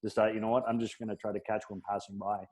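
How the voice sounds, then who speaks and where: A man's voice: lowish voice, level tone, fast, darkish tone, low-quality recording. A man, a guest on a podcast, telling stories in a rambling way and joking wryly about his own failures. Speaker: guest hunter. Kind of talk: casual podcast chat.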